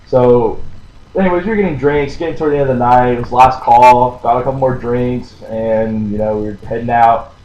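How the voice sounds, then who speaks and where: A man's voice: medium pitch, fairly even intonation, fairly quick, dark tone, highs cut off. A young man telling a long story in casual chat, rambling, laughing often and swearing freely. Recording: roomy echo with faint ambience.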